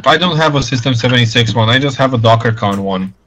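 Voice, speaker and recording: A man's voice: mid-range voice, fast, fairly bright tone, slight background noise. A man co-hosting a podcast in casual chat, sounding confused and hesitant. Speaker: podcast co-host.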